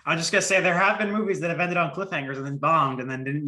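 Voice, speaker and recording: A man co-hosting a casual podcast, quick to interrupt and joke. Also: on the high side, bright, forceful tone. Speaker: podcast co-host. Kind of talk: casual chat.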